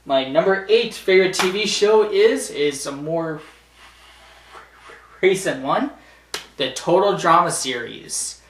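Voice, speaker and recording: A man's voice: high voice, lively intonation, slow pace, pauses often, fairly bright tone, slight background noise. A man chatting casually on his vlog, rambling with lots of stammered restarts. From Canada. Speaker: vlogger. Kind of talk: casual chat, ranking TV shows. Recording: echoey room, mic at a distance.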